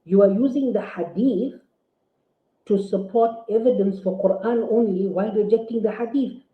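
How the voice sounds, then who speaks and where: A man, an Islamic scholar, delivering a forceful, indignant rebuttal full of rhetorical questions. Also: high-pitched, moderate pace. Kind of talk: preaching rebuttal. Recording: tinny phone-like audio in an echoey room.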